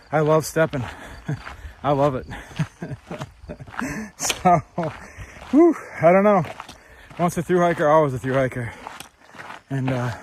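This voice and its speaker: A man of medium pitch talks to a handheld phone while hiking outdoors. He is upbeat and repetitive, laughing often and sometimes huffing on uphill stretches. Faint background noise sits under his voice. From New Hampshire, USA. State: out of breath while walking uphill. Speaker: hiking vlogger. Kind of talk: casual outdoor vlog. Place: outdoors on hilly rural roads and hilltops. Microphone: handheld phone camera.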